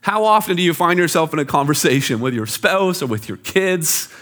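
Lively, bright-voiced male preacher. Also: fairly high pitch, brisk. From Canada. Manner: animated preaching with vivid everyday examples. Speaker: pastor. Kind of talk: sermon. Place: church.

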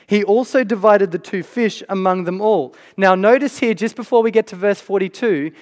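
A man preaching a sermon in a conversational way, often checking in with the audience with a quick "right?". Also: high voice, a little mellow. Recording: long reverb of a large hall.

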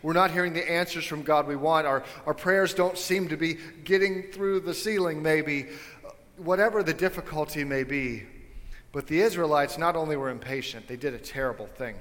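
A man preaching a sermon to his congregation, casual and animated, with joking asides to his listeners. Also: on the high side, moderate pace, big-room sound. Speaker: pastor. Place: church sanctuary.

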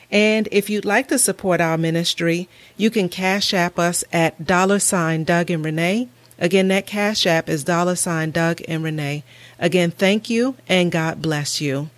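A woman's voice: lowish voice, no room sound. A woman co-hosting a faith podcast, reflecting on scripture and reading the show's closing announcements. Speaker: podcast co-host. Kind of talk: faith-based podcast talk.

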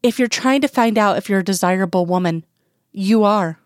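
A woman voicing a gentle, patient man who talks softly and reassuringly, in a dry, close recording. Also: mid-range voice, moderate pace, dry recording, lightly acted.

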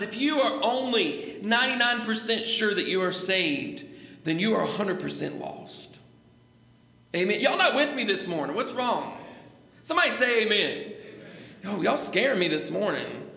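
A man's voice: high voice, lively intonation, moderate pace, creaky, bright, forceful tone. A middle-aged man, a pastor preaching a sermon in church, repeating his phrases and calling for amens. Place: church sanctuary. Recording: echoey church hall.

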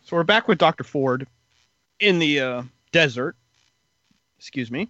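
A man's voice: a little high, expressive, a little slow, a bit bright, no room sound, lo-fi sound. A man casually retelling story events in a podcast chat, rambling with lots of fillers.

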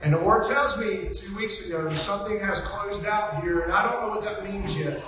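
Bright-voiced woman preaching in an echoing hall. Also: mid-range voice, normal speed, slight background noise. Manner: chatty, animated storytelling with laughs. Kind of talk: storytelling sermon. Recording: echoey church hall, mic from a distance.

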